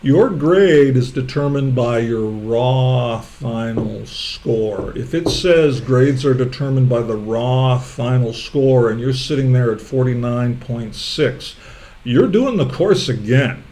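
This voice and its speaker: A man's voice: mid-range voice, slow pace, mellow. Teasing male discussion moderator. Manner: teasing, steers the conversation. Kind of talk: casual panel discussion.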